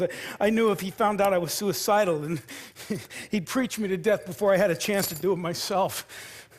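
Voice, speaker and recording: A man delivering a confessional, halting monologue on stage in a one-man musical, often stammering as he restarts his sentences. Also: high-pitched. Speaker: solo stage performer.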